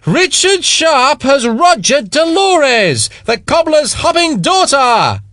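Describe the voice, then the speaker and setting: A man's voice: on the high side, very animated, moderate pace, a bit bright, no echo, studio quality, voice pushed up. A man voicing a boisterous aristocratic rake. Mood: boisterous teasing. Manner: teasing, theatrical, bellowing. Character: rakish aristocratic British officer, mocking and boisterous. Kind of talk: audiobook character voice.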